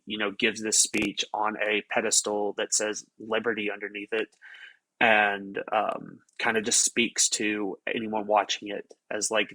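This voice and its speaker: Low-voiced man, rambling guest. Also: bright, forceful tone, no echo, low-quality recording. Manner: rambling, with many fillers. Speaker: podcast guest. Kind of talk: casual podcast chat.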